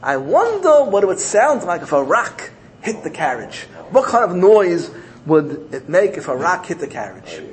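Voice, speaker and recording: A man's voice: sits high, wildly swooping pitch, normal speed. A man voicing a curious, mischievous little boy who wonders aloud to himself in a story. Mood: wondering. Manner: wondering, eager.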